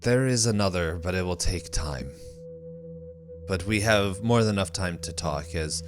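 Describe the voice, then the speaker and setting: A measured, courteous machine mind in a tabletop space game, as a man puts it on, with a lowish male voice that settles even lower and quieter as it speaks. Each word comes slowly and formally. Music runs under the voice. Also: lightly acted. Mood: calm, formal. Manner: slow, measured, politely formal. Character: calm male ship AI, robot head in a wall.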